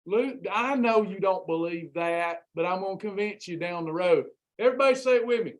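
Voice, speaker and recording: On his Christian weight loss livestream, the host speaks briskly in a high-pitched voice, sounding fervent and sermon-like as he keeps repeating himself.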